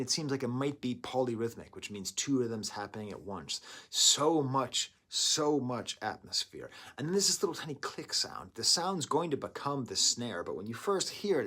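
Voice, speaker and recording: A man's voice: mid-range voice, fairly bright tone. Jokey, rambling man reviewing music. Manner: rambling, jokey, hums and mimics sounds. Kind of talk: animated music review monologue. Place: indoors, talking to camera.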